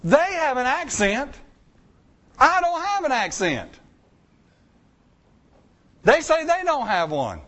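A man with a fairly high voice delivers a sermon as the pastor. He talks in a folksy, conversational way, swinging his pitch up and down as he makes his points. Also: wildly swooping pitch, slow, long pauses, a bit bright.

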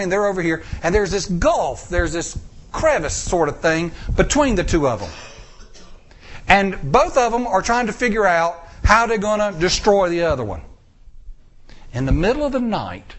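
A man with a Southern US accent preaching a sermon in an animated, folksy storytelling style. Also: on the high side, slight background noise.

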